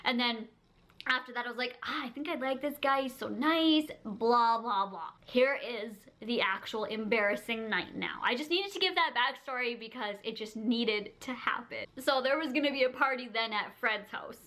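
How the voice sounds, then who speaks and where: Bright, chatty woman vlogger. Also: fairly high pitch, moderate pace. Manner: chatty, heavy use of "like", frequent giggles. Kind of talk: casual storytelling to camera.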